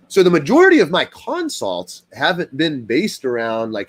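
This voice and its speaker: A man's voice: wildly swooping pitch, moderate pace, hardly any pauses, breathy edge. A man, a dog trainer, talking casually in a rambling monologue full of fillers and acted-out quotes. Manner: rambling, lots of fillers, acts out quoted people in higher voice.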